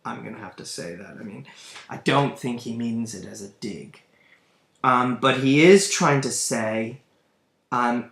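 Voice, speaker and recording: This recorded lecture on a play features a man whose medium-pitched voice is gravelly and fairly bright, and he speaks a little slowly. He is thoughtful and searching, full of fillers and restarts, and the room echoes noticeably.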